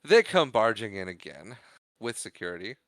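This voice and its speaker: A young man chatting casually about a movie on a podcast, his voice bright and crisp. He acts out quotes from the characters and laughs his way through the retelling. The sound is dry and close. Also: fairly low pitch, sing-song, normal speed, dry recording. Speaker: podcast co-host. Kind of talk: casual movie recap chat.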